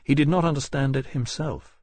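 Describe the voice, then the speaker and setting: This man narrates an audiobook from a script, keeping a measured, even storytelling manner. His pitch is fairly high, and the studio sound is clean with no room sound.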